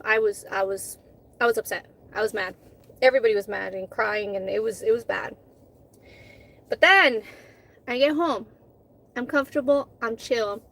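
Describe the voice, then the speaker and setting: A woman in her thirties chats to camera while eating, her voice sitting a little high. She talks candidly and heatedly, swears freely, and restarts her sentences often as she tells a story. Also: a bit bright. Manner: chatty, with many restarts and fillers. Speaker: food vlogger. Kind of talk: casual chat while eating.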